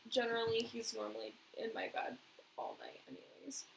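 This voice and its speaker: A woman's voice: fairly high pitch, little pitch movement, brisk, gravelly, slight background noise, poor audio. A woman, a spirit medium, chatting casually on a live show. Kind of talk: casual chat.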